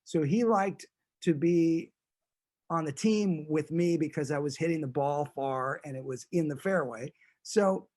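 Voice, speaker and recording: A man tells a story as a guest in a relaxed interview. He rambles with an amused air and often restarts his sentences. His voice sits a little high for a man.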